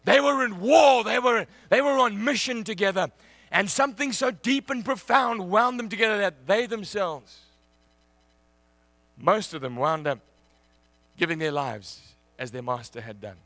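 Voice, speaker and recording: A man preaching a sermon, telling a personal story in an animated way and laughing often. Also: high-pitched, measured pace, dry recording.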